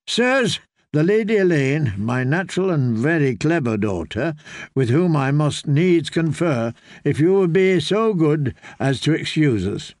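A narrator voicing a cunning middle-aged lord, smooth and knowing. The voice sits a little high with a gravelly texture, close and dry. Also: male voice, dry recording.

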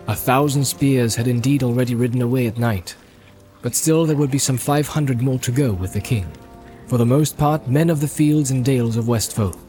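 Man, audiobook narrator, mellow, warm, steady, measured. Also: mid-range voice. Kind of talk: scripted narration.

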